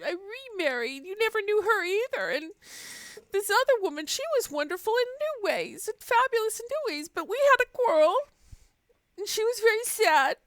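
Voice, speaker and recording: A woman's voice: animated, normal speed, fairly bright tone, no echo. A woman voicing a grieving middle-aged man who sobs and whimpers as he tells his story. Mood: mournful. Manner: whimpering, tearful, high and wavering. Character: grieving middle-aged man sobbing over dead wives.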